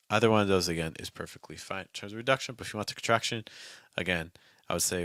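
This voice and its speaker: A man coaches pronunciation in his daily lesson. His voice sits low but has a bright edge, and the sound is dry and close. He demonstrates each phrase by saying it over and over. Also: quick pace, dry recording. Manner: energetic, demonstrates phrases by repeating them.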